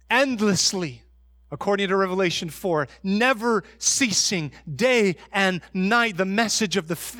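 High-pitched guy pastor preaching, emphatic, dry close mic. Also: a bit bright, dry recording. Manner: emphatic preaching, slows for stress. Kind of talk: sermon.

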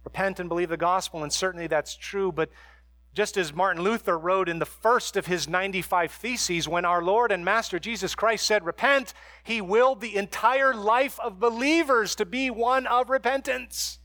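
A man preaching a sermon as a pastor, moving between hushed, quiet stretches and emphatic, raised passages. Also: high-pitched, moderate pace, no room sound.

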